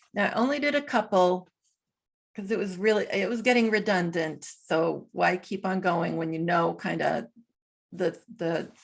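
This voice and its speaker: A woman vlogging in a casual monologue, reading from her notes and spelling out numbers slowly and deliberately. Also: fairly low pitch, vocal fry, slightly rough.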